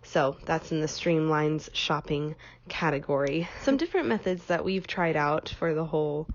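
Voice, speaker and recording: A young woman hosting a casual solo podcast, sounding slightly nasal from a cold and talking in a relaxed way with frequent ums. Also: deep voice, normal speed, muffled recording, a little hiss or hum. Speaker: podcast host.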